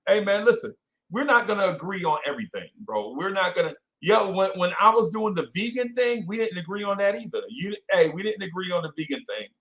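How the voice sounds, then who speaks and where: A man hosting a casual fan podcast, animated and self-correcting, calling out listeners by name. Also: sits high, a little fast. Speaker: podcast host. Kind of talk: casual live-stream chat with fans.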